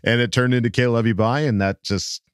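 A man's voice: mid-range voice, brisk, smooth, no room sound, studio quality. A man co-hosting a podcast, joking and laughing often in casual chat. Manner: jokey, laughs often, lively delivery. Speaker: podcast co-host and voice actor.

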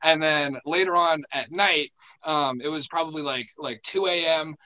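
A young man telling a story in casual chat, halting and full of fillers and restarts, laughing often. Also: a little high, pushed and bright, poor audio. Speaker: podcast guest telling a story.

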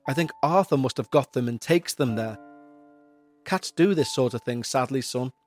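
A man's voice: mid-range voice, moderate pace, a little mellow, soft background music, lightly acted. A man voicing a reassuring, matter-of-fact elderly grandfather.

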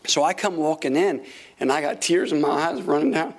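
Animated gravelly male preacher. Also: on the high side, moderate pace, background noise. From Florida. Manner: animated, acts out quotes, laughs often. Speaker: pastor. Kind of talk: sermon with storytelling.

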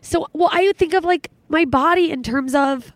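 A woman's voice: high voice, normal speed, no room sound. Candid, swearing woman podcast host, close dry mic. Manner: candid, emotional, heavy swearing, laughs often. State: tearful. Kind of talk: casual podcast chat. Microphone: studio microphone.

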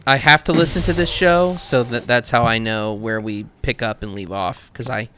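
A man co-hosting a podcast with dry, deadpan wit, also reading scripture aloud. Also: medium pitch, moderate pace, slight background noise. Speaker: co-host.

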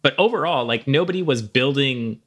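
A man's voice: mid-range voice, expressive, moderate pace, fairly bright tone. Laid-back rambling man in a chat. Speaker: podcast co-host. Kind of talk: casual movie review chat.

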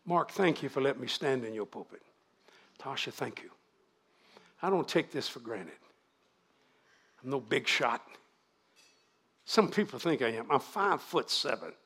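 An older man, preaching at a revival, moving from fervent shouted prayer to folksy storytelling. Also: mid-range voice, expressive, unhurried, long pauses, husky. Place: church sanctuary.

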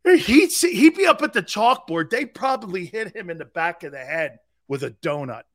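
A middle-aged man hosting a sports talk show, loud and boisterous, laughing often and mocking people in impressions. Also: high-pitched, sing-song, normal speed.

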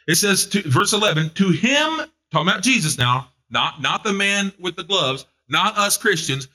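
Fervent, bright-voiced male preacher. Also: high voice, big pitch swings, a little fast. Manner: fervent, building to loud exhortation; repeats phrases for emphasis. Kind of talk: sermon.

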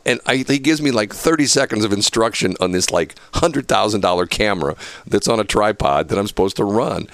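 A man telling stories in a casual, animated way, laughing as he goes and acting out what other people said. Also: on the low side, a little fast, hardly any pauses, no echo. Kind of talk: casual storytelling chat.

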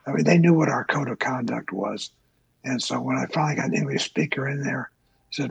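An older man with a deeply gravelly, husky voice recalls his past in a slow, halting way, full of pauses and fillers. The sound is close and dry. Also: dry recording, rough recording. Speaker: interviewee, former Navy pilot. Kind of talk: oral history interview.

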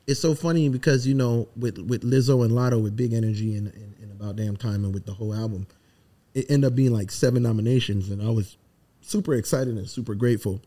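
A man's voice: mid-range voice, fast, dark tone. A middle-aged man from the Virgin Islands, a songwriter guest talking emphatically and from the heart in a casual podcast interview.

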